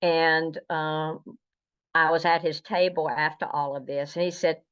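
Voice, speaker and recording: A woman's voice: low-pitched, flat delivery, unhurried, fairly bright tone, clear, resonant tone. A woman from the South, a guest telling stories in a chatty, meandering way. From American South. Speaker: guest, fan historian. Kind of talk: anecdotal interview storytelling. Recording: dull lo-fi recording.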